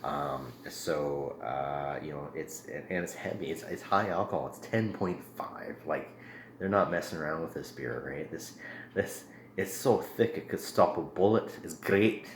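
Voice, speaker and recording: A very deep-voiced man talks through a beer review in a loose, rambling vlog manner, filling pauses with ums and uhs. The room sounds echoey, with a faint hum of ambient noise behind him.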